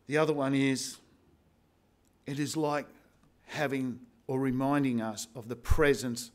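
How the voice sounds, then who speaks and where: A man preaching a sermon as pastor, slow and emphatic with repeated phrases. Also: medium pitch. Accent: Australian.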